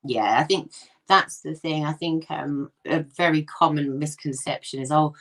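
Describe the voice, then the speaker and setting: A woman's voice: low-pitched, normal speed, slight background noise. A woman with a North London accent, chatting casually as an interview guest about her ghost hunting business, with frequent laughs and ums. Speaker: ghost hunt company owner, guest.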